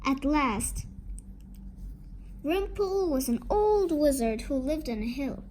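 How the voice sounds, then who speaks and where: A woman reading a children's witch story aloud, slowly and expressively. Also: sits high, animated, a little mellow, slight background noise, poor audio. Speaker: storybook reader.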